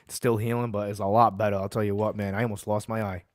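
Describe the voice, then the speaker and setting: A man's voice: fairly low pitch, level tone, fast, dry recording, clean studio sound. A man hosting a casual sports talk show, ranting heatedly and then telling a long story in a laid-back way. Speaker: podcast host.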